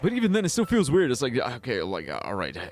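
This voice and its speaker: A man's voice: mid-range voice, huge pitch swings, fast, darkish tone. A man streaming a game live, rambling and swearing freely as he comments. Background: game music.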